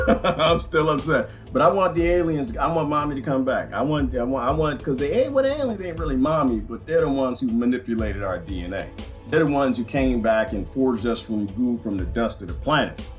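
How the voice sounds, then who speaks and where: A man hosting a rambling livestream monologue, animated and joking, laughing often. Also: mid-range voice, fairly quick, soft background music.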